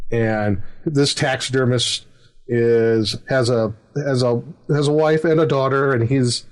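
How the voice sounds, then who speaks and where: A middle-aged man hosting a podcast, rambling through a casual anecdote about running a tabletop game, with many fillers and chuckles. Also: mid-range voice. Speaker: podcast host and game master.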